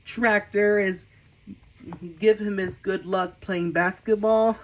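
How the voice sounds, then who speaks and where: A man, an amateur cartoonist, narrating a casual tour of his sketchbook with excited gasps and cheers, often restarting his sentences. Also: high voice, slow, poor audio.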